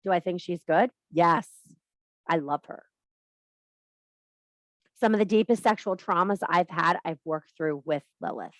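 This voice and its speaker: Woman, lower register, spiritual teacher type, blunt and preachy. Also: measured pace, long pauses, no room sound. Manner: blunt, emphatic, swears freely; preachy, addresses viewer directly. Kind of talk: spiritual monologue to camera.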